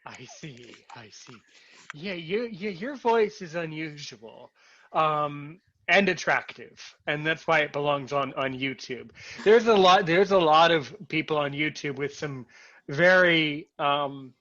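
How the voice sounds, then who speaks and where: Eager bright-voiced male host, lo-fi. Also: fairly high pitch, unhurried. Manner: eager, stumbling, repeats words. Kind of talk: casual chat.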